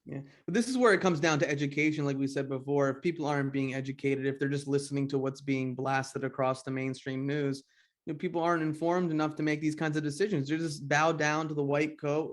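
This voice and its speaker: A man's voice: a little high, fairly even intonation, fast. Male podcast host, casual and blunt, raised voice, drops the odd curse. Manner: blunt, conversational, swears freely.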